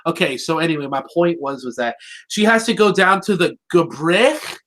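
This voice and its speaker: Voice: medium pitch, moderate pace, fairly bright tone. A co-host in a casual review chat who rambles, cracks jokes and trips over words while retelling the plot. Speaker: co-host of a cartoon review show.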